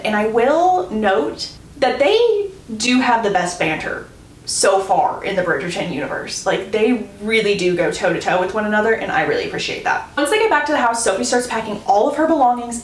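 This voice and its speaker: A woman giving a chatty, casual book recap and talking straight to her viewers. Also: on the high side. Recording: echoey room, faint hum.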